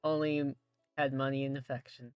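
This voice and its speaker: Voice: mid-range voice, flat delivery, moderate pace, smooth, dry recording, clean studio sound, faint music behind. A player in a tabletop game who talks in a giggly, rambling way.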